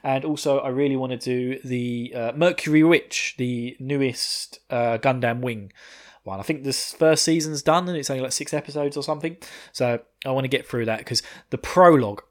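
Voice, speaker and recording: A man's voice: mid-range voice, moderate pace. A man hosting a podcast, casually recapping an anime episode, rambling, laughing often and swearing freely. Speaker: podcast host.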